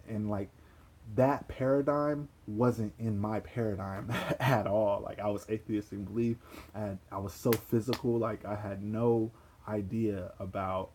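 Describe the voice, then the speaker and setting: A young man casually telling a personal story, animated and profane, repeating himself and laughing. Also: on the low side, slight background noise. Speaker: vlogger.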